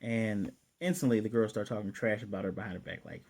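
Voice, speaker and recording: A man's voice: lowish voice, fast, creaky, darkish tone, breathy edge. A man casually recapping an anime episode in a loose, chatty way, stopping now and then to find his place. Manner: loose, chatty retelling with fillers. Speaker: anime reviewer.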